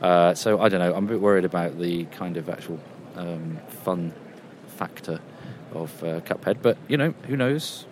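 The background is noisy as a low-pitched man, talking at a moderate pace, casually reports from a games convention. He rambles chattily with many fillers from a quieter outdoor area of the convention.

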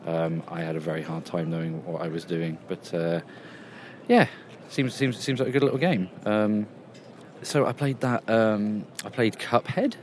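Outdoors at a games convention, away from the busiest areas, a man with a lowish voice casually reports on the event. He rambles, chats, and leans on fillers, and faint background noise can be heard.

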